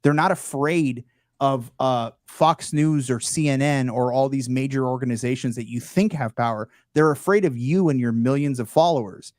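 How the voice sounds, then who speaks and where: A young man of Palestinian heritage, a guest creator, talks in a casual panel chat, animated and profane. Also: medium pitch, moderate pace, no echo, clean studio sound.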